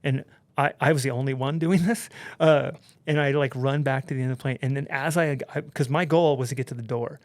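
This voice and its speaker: A man, a podcast guest, telling a story in an animated, casual way, with lots of swearing and fillers. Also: mid-range voice, a little fast, dry recording. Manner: animated, profane, heavy use of "like".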